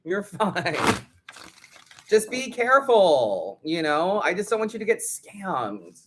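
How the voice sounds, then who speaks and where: A woman's voice: medium pitch, very animated, slow pace, slight background noise. A woman hosting a live tarot stream, chatting casually and bluntly with viewers and swearing freely. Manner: blunt and sweary, talks straight to the chat.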